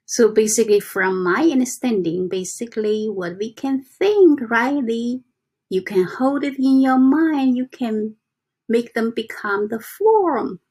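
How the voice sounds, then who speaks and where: Soft breathy woman, slow and halting. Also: fairly high pitch, lively intonation. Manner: soft, halting, with frequent restarts and slow deliberate reading. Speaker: self-help vlogger. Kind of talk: casual motivational talk, reading passages aloud.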